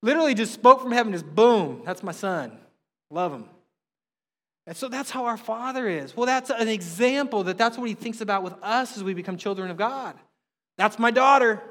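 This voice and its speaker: A middle-aged man preaches with a fairly high voice, talking to the congregation in a casual, animated style that swells on key words. His sermon rings with long reverb from a large church hall. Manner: animated, conversational preaching with emphatic rises. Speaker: pastor.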